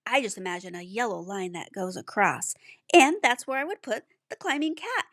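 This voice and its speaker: A woman's voice: mid-range voice, a bit bright, dry recording. Patient woman teaching letters, dry sound. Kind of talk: handwriting lesson for young children.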